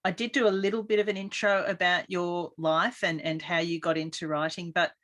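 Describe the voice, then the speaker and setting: A woman's voice: lowish voice, level tone, fairly quick, fairly bright tone. A woman hosting a podcast in a casual, chatty, effusive interview style from a small studio. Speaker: podcast host.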